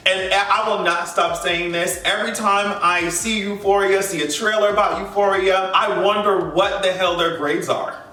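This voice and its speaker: A man's voice: high voice, pushed and bright, echoey room, recorded from a distance. Sassy, laughing male gossip vlogger. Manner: sassy, laughs often, exaggerated asides. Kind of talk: casual pop-culture commentary.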